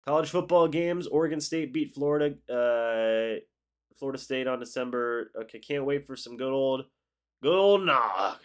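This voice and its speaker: At a measured pace, his mid-range voice reads out viewer comments during a sports livestream. The young man sounds congested after the flu but stays relaxed and conversational as he reacts to the chat.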